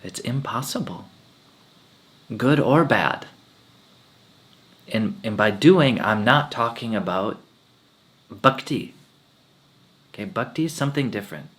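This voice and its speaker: A man giving a spiritual talk as a swami, telling personal stories in a relaxed way with frequent laughter. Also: on the low side, takes it slowly, pauses often.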